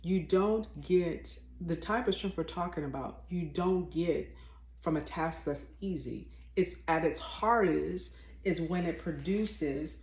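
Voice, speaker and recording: This faith vlogger's voice is on the low side and a little mellow, and she takes it slowly. She gives off-the-cuff spiritual teaching in an emphatic, blunt way, often repeating herself and restarting her sentences, recorded with a roomy echo.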